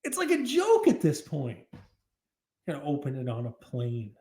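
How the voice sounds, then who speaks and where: A man hosting a casual hobby podcast, talking in an animated, ranting way and often breaking into laughter. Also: on the high side, normal speed. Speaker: podcast host. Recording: roomy echo.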